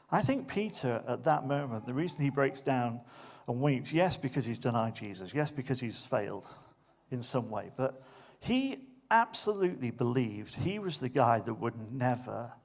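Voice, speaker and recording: A man preaching a sermon in a relaxed, conversational way, turning lively when he acts out what others say. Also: mid-range voice, normal speed. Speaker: pastor.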